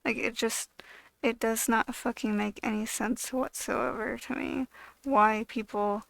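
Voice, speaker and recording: A woman with a high voice, gravelly fry running through her words, rants bluntly and swears constantly. Her tone is smooth and clear in a dry, close space, and her speech is loose and full of fillers. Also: steady tone, a little slow, fairly bright tone, no room sound. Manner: blunt, heavily profane, exasperated ranting; loose, filler-heavy delivery with frequent "like". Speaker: video creator. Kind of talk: ranting vlog monologue.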